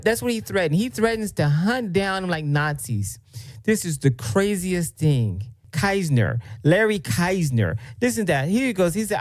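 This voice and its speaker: A man's voice: fairly high pitch, darkish tone, dry recording. A man hosting a commentary show, reacting to a clip in an indignant, repetitive, rambling way. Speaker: host, political commentator.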